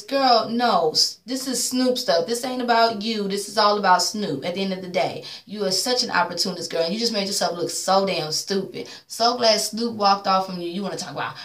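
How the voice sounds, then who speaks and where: A woman's voice: mid-range voice, brisk, few pauses, fairly bright tone, echoey room. A woman recapping a reality show episode in a blunt, sassy rant full of swearing, acting out the cast's lines. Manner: blunt, sassy, swears a lot, acts out quotes. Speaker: recap vlogger.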